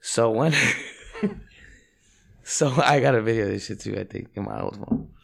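A man's voice: on the low side, unhurried, gravelly. A man co-hosting a podcast, chatting and telling stories in a laid-back, slangy way and laughing often. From Central California. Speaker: podcast host. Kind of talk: casual chat.

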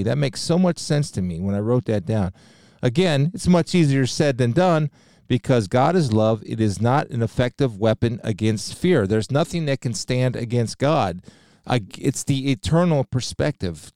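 A man's voice: mid-range voice, darkish tone, no room sound, studio quality. A middle-aged man giving an earnest spoken devotional talk, quoting scripture and sharing a personal story. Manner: earnest, preacherly, quotes scripture. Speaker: speaker sharing faith.

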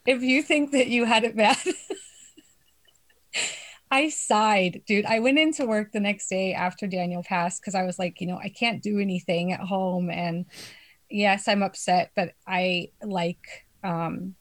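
A woman's voice: mid-range voice, fairly even intonation, measured pace. Swearing, laughing young woman telling a story. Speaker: storyteller among friends. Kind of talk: casual chat.

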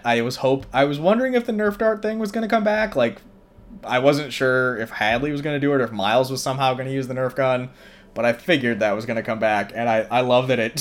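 A man's voice: mid-range voice, a bit bright. Casual rambling man recapping a film. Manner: rambling, chuckling, with fillers. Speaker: host.

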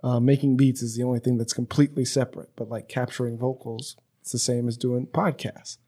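A man hosting a podcast in loose, chatty conversation. His voice is husky and a little rough. He is profane and rambling, at a medium pitch. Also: level tone, a little fast, mellow. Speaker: podcast host. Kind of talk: casual conversation. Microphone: podcast microphone.

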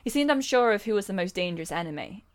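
A woman's voice: medium pitch, lively intonation, fast talker, smooth. A woman reading a novel aloud as a comedy bit, often breaking into laughter. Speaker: reader.

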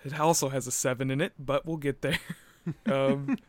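A man co-hosting a casual wrestling recap chat, excitable and joking, laughing often and swearing. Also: medium pitch, moderate pace, no echo. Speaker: wrestling podcast co-host.

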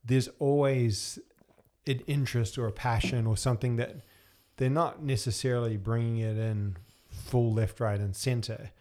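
A man's voice: medium pitch, steady tone, normal speed, darkish tone. A man hosting a casual interview, easygoing and encouraging, with short agreeing replies.

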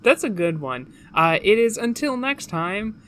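A podcast co-host in casual chat, excitable and exclamatory, with some swearing. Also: medium pitch, measured pace, a little hiss or hum.

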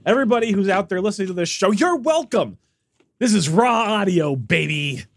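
High-pitched and a little creaky, he speaks fairly quickly on a clean studio recording with no room sound. He's a podcast co-host, bantering and joking with his partner in an animated way while sniffly and sneezing.

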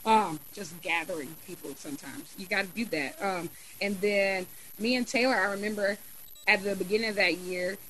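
A young adult woman chatting casually on a podcast, telling a lively story with many fillers. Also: mid-range voice, moderate pace, a little hiss or hum, poor audio. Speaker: student government officer and podcast guest.

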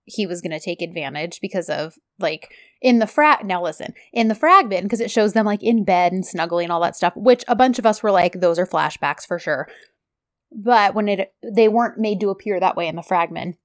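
A woman co-hosting a casual podcast, talking through scenes and slipping into quoted lines with laughs. Her voice sits at a middle pitch, and the recording is dry and close with no room sound. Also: animated, brisk, no echo. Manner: chatty, acts out quotes with laughs. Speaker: podcast co-host. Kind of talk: casual chat recapping a TV series.

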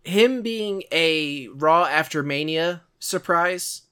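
A man in casual podcast chat with a slightly high, bright voice. He rambles through his points and stacks up side remarks as he goes. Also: expressive, slow pace, clear, resonant tone. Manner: rambling, lots of "like" asides. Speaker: podcast co-host.

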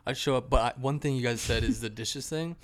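A man in casual chat, laid-back, calmly explaining his reasoning. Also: mid-range voice, brisk.

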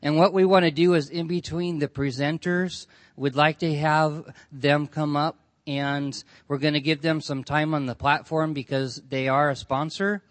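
A man acts as emcee at a conference, making announcements in an informal way with many ums. His voice is fairly high for a man. The sound is dry. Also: flat delivery, moderate pace, no room sound. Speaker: event emcee.

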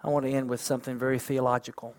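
A man's voice: mid-range voice, level tone, very fast. A man preaching a sermon as pastor, building intensity toward emphatic points.

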